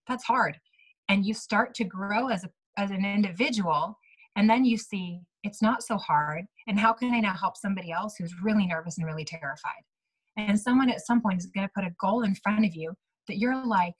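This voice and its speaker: A breathy woman in her thirties gives a motivational talk to her team. She talks in a loose, chatty way, scattering "like" and "right?" through her sentences and acting out little bits of dialogue as she tells her stories. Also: mid-range voice, brisk, rough recording. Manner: chatty, lots of "like" and "right?", acts out quoted dialogue. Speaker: team leader speaking to her sales team.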